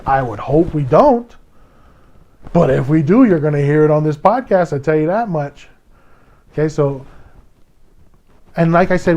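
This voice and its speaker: A man from Hawaii hosts a casual podcast monologue in a somewhat high voice. He tells his story with feeling, often restarting a sentence mid-thought. He slips into quoted lines as he recounts what others said. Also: darkish tone, lo-fi sound. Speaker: podcast host.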